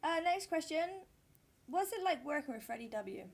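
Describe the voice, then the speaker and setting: A woman's voice: sits high, animated, moderate pace. A woman interviewer asking eager questions, giggling often. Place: convention interview.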